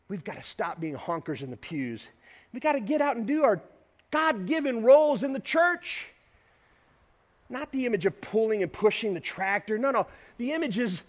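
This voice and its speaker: A middle-aged man, a pastor, preaching a sermon and telling a story, acting out shouts and honks with lively energy. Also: high voice, moderate pace.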